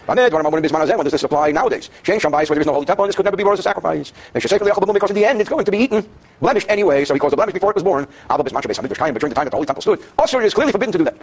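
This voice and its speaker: A slightly high, husky male voice, animated and rapid-fire, belongs to a Torah teacher. In his daily class on Jewish law, he reads Hebrew passages to the students in the room, then translates them and explains them with jokes.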